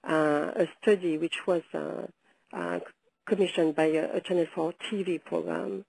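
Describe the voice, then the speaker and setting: A woman with a sore throat delivers a webinar presentation, her voice hoarse and gravelly. Her tone is dark and mellow, and she moves at a measured pace, stopping often to hesitate. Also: fairly low pitch, steady tone, low-quality recording. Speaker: presenter, founder of a video project. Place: London.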